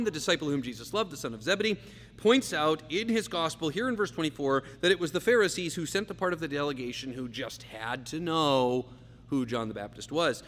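Guy preaching a sermon, kinda high voice, slows down to hammer key words, big echoey church w/ faint hum. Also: fairly bright tone. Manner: emphatic, slows and repeats key phrases. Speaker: pastor. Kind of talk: expository sermon. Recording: long reverb, faint hum.

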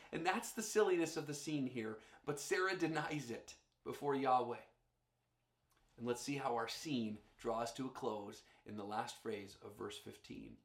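A man's voice: mid-range voice, reverberant. A male pastor preaching a sermon, storytelling and addressing the congregation directly.

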